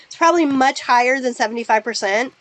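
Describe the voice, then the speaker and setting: A woman with a somewhat high voice teaches a webinar for real estate agents. She fires off direct questions at her listeners and works through the numbers one step at a time. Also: fast talker, a bit bright, low-quality recording. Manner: direct, asks the audience a string of questions. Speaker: real estate business coach. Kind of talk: webinar presentation.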